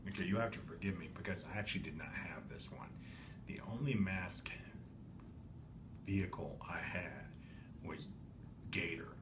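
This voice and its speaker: A man's voice: low-pitched, moderate pace, long pauses. A man casually narrating as he unboxes and shows off a vintage toy, rambling and correcting himself with lots of ums. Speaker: toy collector vlogger. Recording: echoey room with steady background noise.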